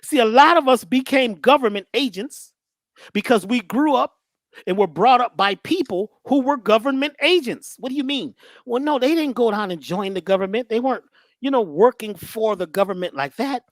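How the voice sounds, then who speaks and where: Animated preachy woman. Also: on the high side, moderate pace, no echo, studio quality. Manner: rhetorical questions, repeats phrases, slangy. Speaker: guest teacher on mindset and healing. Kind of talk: preachy motivational talk.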